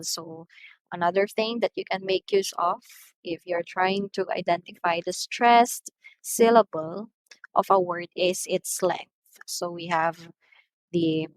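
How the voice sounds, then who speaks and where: A woman with a Filipino accent teaching an English lesson, slowly and deliberately, stressing example words loudly. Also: medium pitch, no echo, poor audio. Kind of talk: recorded lesson.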